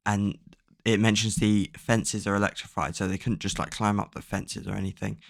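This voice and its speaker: Creaky-voiced man rambling through a plot recap. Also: on the low side, level tone, moderate pace, dry recording, clean studio sound. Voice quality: rambling, filler-heavy, swears casually. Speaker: book recap vlogger.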